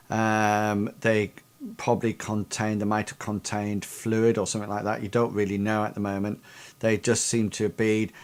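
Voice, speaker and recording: A man running a tabletop game as game master, narrating haltingly with many ums. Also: lowish voice. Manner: halting, full of ums and fillers.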